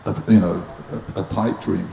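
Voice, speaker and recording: A man's voice: deep voice, steady tone, normal speed, vocal fry, dark tone, echoey room, slight background noise, low-quality recording. A man from England, a musician, recounting his career hesitantly at a live Q&A. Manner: hesitant, with many restarts. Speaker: guest musician.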